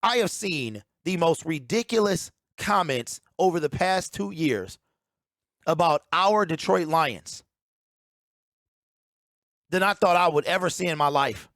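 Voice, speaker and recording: A man's voice: a little high, animated, unhurried, pauses often, a bit bright, dry recording. A man giving opinionated sports talk as a commentator, emphatic and ranting, repeating his key points on a close mic.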